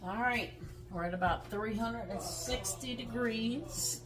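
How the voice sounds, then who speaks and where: Slow-paced and fairly high in pitch, this middle-aged woman hosts a cooking vlog at home in her kitchen while background noise carries on. She chats in a friendly, folksy way, laughing readily and addressing her viewers as y'all.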